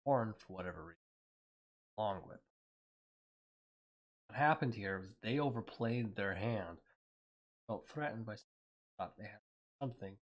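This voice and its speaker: A man's voice: on the low side, moderate pace, pauses often. A man ranting on a livestream, heated and profane, talking in a rambling way. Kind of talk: angry livestream rant.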